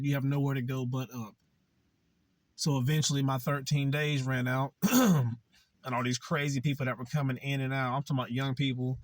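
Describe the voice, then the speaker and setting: A man's voice: medium pitch, no echo. A young man vlogging, telling a candid personal story in a blunt, profane, conversational way.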